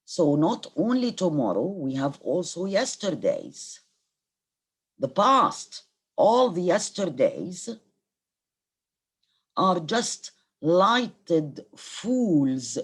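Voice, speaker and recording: A woman's voice: fairly low pitch, sing-song, extremely slow, pauses often, breathy edge. A middle-aged Egyptian woman, a native Arabic speaker, giving a university literature lecture. She reads verse aloud, then explains each line and glosses it in Arabic.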